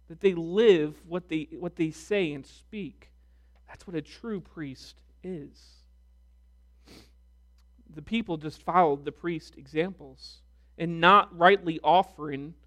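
A male pastor from the United States preaching with a high, light voice. He talks at an unhurried, measured pace. He leans into scripture readings with deliberate emphasis. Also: a bit bright. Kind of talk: sermon.

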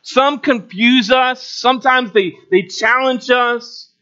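High-voiced male preacher, lo-fi. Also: pushed and bright. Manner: storytelling with shifting pitch and pauses. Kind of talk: sermon. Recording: dull lo-fi recording.

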